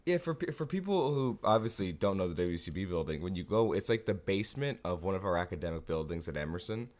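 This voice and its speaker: A man's voice: low voice, lively intonation, fast talker. Tired young man telling a story. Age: young adult. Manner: laid-back storytelling with frequent laughs. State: tired, just woke up. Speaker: podcast co-host. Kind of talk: casual chat.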